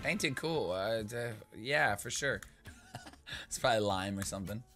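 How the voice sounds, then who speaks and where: A young man giving casual, rambling gaming commentary as a YouTuber, joking with viewers and breaking into loud playful outbursts. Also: on the low side, animated, moderate pace, over music.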